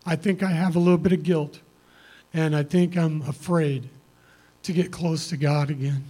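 A man's voice: on the high side, fairly even intonation, moderate pace, warm tone. A middle-aged man speaking plainly and earnestly, giving a personal testimony to a congregation. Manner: earnest, conversational, plain-spoken. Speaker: church member giving testimony.

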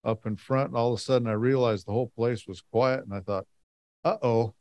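A man's voice: mid-range voice, steady tone, fairly quick, darkish tone, no room sound. Folksy man telling a rambling story. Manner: folksy, rambling anecdotes with many "and, uh" fillers. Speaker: lay speaker giving a talk. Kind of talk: storytelling talk to a congregation.

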